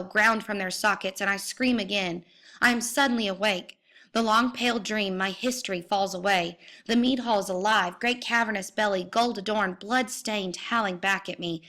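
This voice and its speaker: A woman reads a novel aloud in a bright, ringing voice. Her telling is intense and vivid, and she climbs into cries when the story turns violent. She sits at an ordinary, middle pitch throughout. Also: moderate pace. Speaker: reader. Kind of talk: dramatic reading of a novel.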